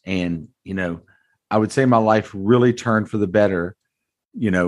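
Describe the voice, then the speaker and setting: A man in his forties, a car dealership owner, telling his story to an interviewer in a blunt, earnest, folksy way. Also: deep voice. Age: 40s. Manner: earnest, blunt, folksy, calls host brother. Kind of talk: candid conversational storytelling.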